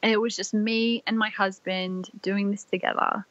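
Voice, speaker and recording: A young Australian woman, a podcast guest, telling a personal story in a soft, rambling way full of "like" fillers. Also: medium pitch, little pitch movement, moderate pace, no room sound. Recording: dry, slightly dull lo-fi audio.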